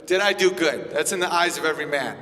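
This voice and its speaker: A brash, profane man delivering a stand-up set in a high, bright, ringing voice. He slips in and out of quick impressions as he talks. His voice carries a long hall reverb. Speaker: stand-up comedian. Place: comedy venue with live audience.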